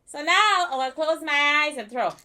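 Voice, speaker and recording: A woman's voice: high-pitched, lively intonation, moderate pace, background noise. A woman giving a casual spiritual reading to camera, talking bluntly and irreverently with laughing asides. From Canada. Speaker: psychic reader.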